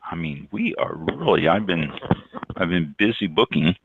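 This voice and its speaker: A man's voice: sits low, expressive, normal speed, breathy edge, narrow, tinny audio. A man hosting a live talk show, chatting casually and folksily with his co-host over a call. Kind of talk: casual chat.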